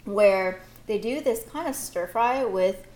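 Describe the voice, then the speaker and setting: A woman's voice: mid-range voice, slow, a little mellow. A woman chatting casually and explaining food at length, easygoing with many fillers. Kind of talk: casual chat.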